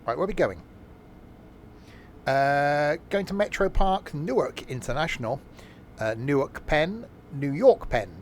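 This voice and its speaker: A hoarse man chatting casually as he streams a train game, rambling with plenty of fillers and self-corrections. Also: on the high side, animated, measured pace, pauses often, slight background noise. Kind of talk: casual live-stream commentary.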